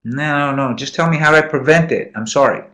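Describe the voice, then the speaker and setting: A man's voice: mid-range voice, moderate pace, a bit bright. A man lecturing medical students in a classroom, quizzing them, repeating key points and encouraging answers.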